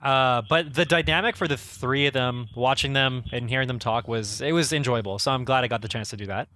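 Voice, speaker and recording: Casting note: Canadian male co-host, easy chat, bright tone, dry close sound. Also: medium pitch, fairly quick, dry recording. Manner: relaxed, rising ends of sentences. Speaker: podcast co-host. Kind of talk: casual chat.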